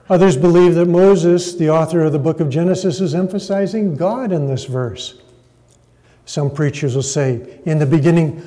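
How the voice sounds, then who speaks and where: A man's voice: a little high, normal speed, dark tone. A man preaching a sermon, dramatically stressing words and polling the audience for a show of hands. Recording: echoey hall reverb.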